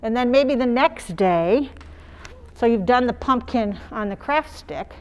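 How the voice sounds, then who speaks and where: A woman teacher demonstrating phonics, sounding out words slowly and singing little chants the way she would for young children. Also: on the high side, expressive, a little mellow. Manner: slow, sing-song teacher talk modeling sounds for young children.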